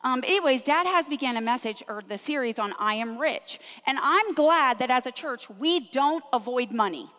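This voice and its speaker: A middle-aged woman pastor preaching a lively sermon in a church, drawing amens from the congregation. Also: high-pitched, normal speed, hardly any pauses, long reverb tail. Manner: lively, engaging the congregation with call-and-response. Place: church sanctuary. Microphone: handheld or clip microphone.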